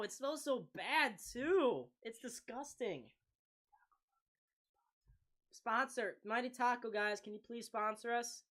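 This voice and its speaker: Slow-talking male hockey stream commentator. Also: high-pitched. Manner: excitable, groans and laughs between calls. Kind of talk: live play-by-play reaction stream.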